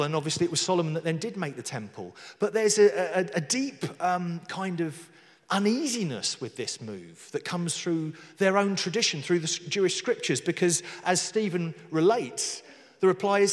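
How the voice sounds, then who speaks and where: A man's voice: high voice, animated, moderate pace. A man preaching a sermon in a conversational way, with jokey asides, reading scripture aloud with emphasis. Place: church hall. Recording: long hall reverb.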